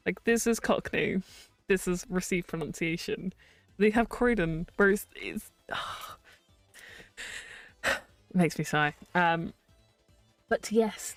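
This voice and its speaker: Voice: mid-range voice, dry recording. A streamer in their twenties, chatting casually on a live stream in a rambling, filler-heavy way with frequent laughs.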